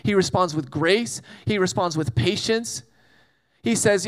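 A man's voice: sits high, a little slow, a bit bright. A man preaching a casual sermon, telling a Bible story with jokes and acted-out asides. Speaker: pastor.

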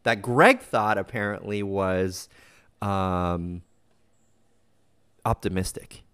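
A man hosting a casual soccer fan podcast, relaxed and rambling, with lots of fillers and easy laughs. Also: sits low, slow, smooth, no echo, studio quality. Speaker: podcast host.

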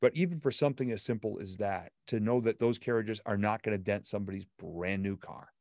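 A man as a podcast guest, telling everyday stories in an upbeat, animated way. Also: on the low side, a little fast, no echo, studio quality. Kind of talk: conversational storytelling.

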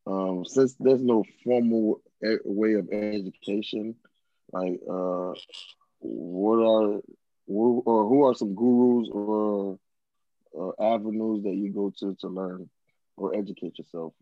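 A man hosting a podcast, asking casual questions in a halting way with restarts. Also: on the low side, fairly even intonation, no room sound. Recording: dull dry lo-fi sound.

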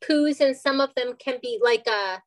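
A woman's voice: sits high, moderate pace. An American woman co-hosting a podcast in casual chat, giggly and self-deprecating. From United States. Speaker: podcast co-host.

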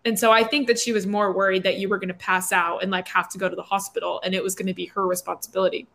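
A woman's voice: medium pitch, gravelly. A young woman in her twenties, telling a story in a casual chat with lots of fillers. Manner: animated, quick storytelling with many fillers.

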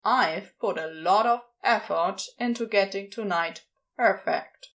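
A woman's voice: medium pitch, lively intonation, slow. A woman voicing an irritated, sarcastic male demon who scolds and mocks. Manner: exasperated, scolding.

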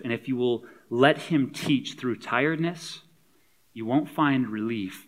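A man's voice: mid-range voice, measured pace. Conversational, humorous male pastor preaching. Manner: conversational, humorous, rising to emphatic. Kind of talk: sermon.

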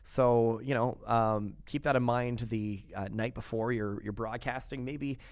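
A young man from Quebec, a radio host guesting on a podcast, talking in a chatty, animated way with many restarts. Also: medium pitch, unhurried, dry recording, studio quality. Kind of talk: casual interview chat.

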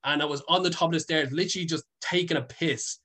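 A man's voice: a little high, steady tone, fast talker, fairly bright tone. A young man, a guest telling a story casually, rambling with many fillers and frequent swearing. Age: young adult. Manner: rambling, heavy with fillers and swearing, laughs often. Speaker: guest, content creator.

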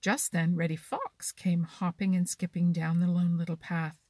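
A woman with a husky, creaky voice reading a children's storybook gently and slowly. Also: on the low side, little pitch movement, no room sound.

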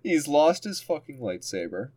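A man's voice: a little high, sing-song, normal speed, a little mellow, no echo, studio quality. A young man on a casual podcast chat, telling a game story with a lot of laughing and casual swearing. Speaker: podcast co-host.

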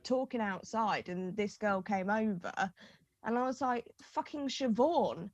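Female co-host, mid pitch, dry-sounding, blunt storytelling. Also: a little slow, dry recording, highs cut off. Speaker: podcast co-host. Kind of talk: casual banter.

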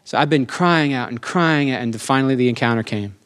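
A middle-aged man preaches a sermon in an animated, emphatic way, often asking for an amen. His voice sits at a middle pitch, and it climbs and slows when he wants a point to land. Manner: animated, emphatic, asks the congregation for amens; slows down for emphasis, rising pitch on key lines. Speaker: pastor.

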